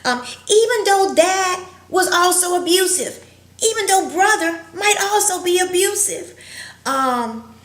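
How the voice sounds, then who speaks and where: A woman counselor giving an earnest, reflective educational talk, pausing often with fillers. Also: very high voice, animated, fairly bright tone. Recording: roomy echo.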